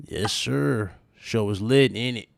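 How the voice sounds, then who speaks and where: A man's voice: fairly low pitch, takes it slowly, vocal fry, no echo. A man hosting a podcast in laid-back slangy banter over a remote call, laughing often. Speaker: podcast host. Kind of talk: casual chat.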